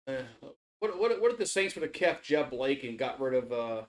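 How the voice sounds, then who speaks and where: A man's voice: mid-range voice, sing-song, normal speed. A man giving casual live play-by-play and reaction on a stream, rambling with repeated restarts, cursing and getting worked up. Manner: rambling, repetitive restarts, swearing, gets worked up.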